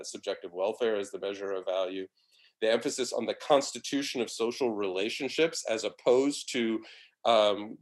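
A middle-aged man giving an academic philosophy lecture, talking in a discursive way full of restarts and fillers. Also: fairly low pitch.

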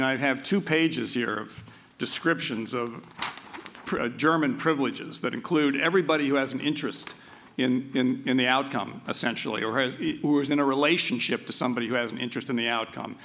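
A man giving an academic law lecture, halting, with frequent restarts and filler words, drifting into conversational asides. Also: medium pitch, a bit bright.

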